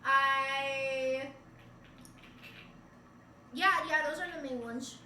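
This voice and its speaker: Bright high-voiced young woman streaming from bedroom. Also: expressive, unhurried, pauses often, distant mic, a little hiss or hum. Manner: giggly, chatty, reads chat aloud. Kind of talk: casual chat with viewers. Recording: roomy bedroom, voice away from mic.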